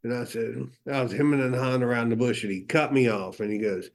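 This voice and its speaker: A man's voice: mid-range voice, a little fast, hardly any pauses. A middle-aged man giving a candid personal testimony, telling his story with quoted dialogue, fillers and restarts. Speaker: recovery meeting speaker.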